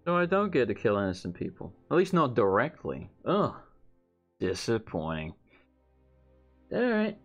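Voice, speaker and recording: A man's voice: medium pitch, sing-song, normal speed, long pauses, highs cut off, faint music behind. A man hosting a let's play, sarcastic, profane and joking as he plays. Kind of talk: casual gameplay commentary.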